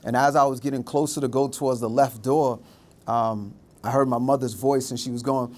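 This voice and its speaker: A man's voice: medium pitch, fairly even intonation, fast, a little mellow. A middle-aged man giving a storytelling talk, acting out the voices of the people in his story. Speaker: speaker.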